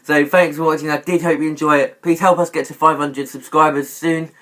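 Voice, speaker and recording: A man's voice: on the high side, flat delivery, a little fast, fairly bright tone. A man giving wrestling predictions in a casual vlog, rambling and often correcting himself with many fillers. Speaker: YouTube wrestling commentator.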